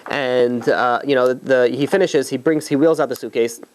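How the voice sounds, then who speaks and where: A man's voice: mid-range voice, moderate pace. A man, a rabbi, telling a story to an audience in a conversational way with many fillers and restarts.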